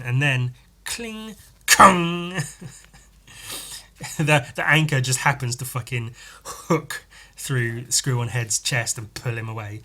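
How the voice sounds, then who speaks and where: A man's voice: mid-range voice, slow, pushed and bright. A man hosting a podcast, chatting casually as he reads through a comic aloud, enthusiastic and sweary, laughing often. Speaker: podcast host.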